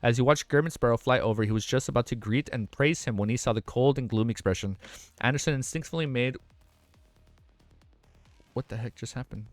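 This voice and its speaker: A young man streaming a web novel reaction, reading passages aloud and reacting with excited, slangy, swear-filled talk that stammers when he gets worked up. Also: medium pitch, fast, dry recording, soft background music.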